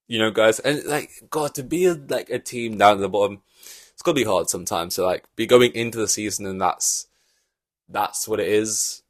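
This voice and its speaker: A man hosting a casual podcast, rambling in animated reaction chat with loose swearing and lots of fillers. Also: on the low side, normal speed, no echo. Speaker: podcast host.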